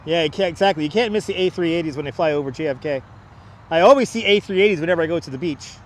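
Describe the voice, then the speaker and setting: A man's voice: a little high, very fast, a little hiss or hum. A man hosting a planespotting livestream outdoors, chatty and joking as he calls out incoming flights on a clip-on mic. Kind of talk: casual live commentary. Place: outdoors near an airport. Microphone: wireless clip-on mic.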